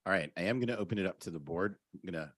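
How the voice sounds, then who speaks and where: A man chairing a school board meeting, informal and quick to hand off the floor. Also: deep voice, fairly bright tone, no echo.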